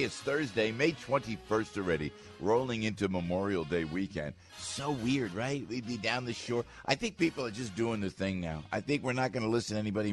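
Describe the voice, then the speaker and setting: An older man, hosting morning talk radio in a rambling, excitable way, with sudden squeaky jumps in pitch. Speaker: radio morning show host. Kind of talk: animated talk radio monologue. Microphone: studio microphone.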